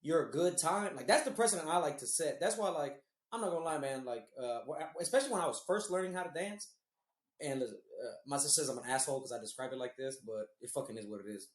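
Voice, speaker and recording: A man's voice: on the high side, animated, fast talker, reverberant. A man co-hosting a podcast, telling rambling, profane stories in casual chat. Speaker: podcast co-host.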